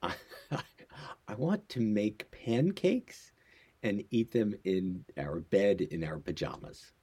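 Deep, husky-voiced playful American man. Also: animated, slow, dark tone. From United States. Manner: laid-back, playful, laughs often. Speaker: podcast co-host. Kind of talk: casual chat.

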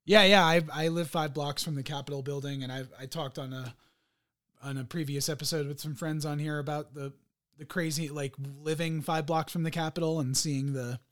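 A young man hosting a podcast in casual chat, eager and quick to laugh and cut in. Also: fairly high pitch, steady tone, fairly bright tone. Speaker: podcast host.

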